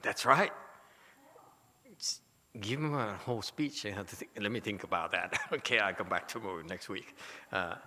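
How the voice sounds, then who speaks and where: A man teaching a Buddhist dharma lecture, animated and teasing, with many rhetorical questions to his listeners. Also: fairly low pitch, normal speed, long pauses, background noise. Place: temple lecture hall. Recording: hall reverb.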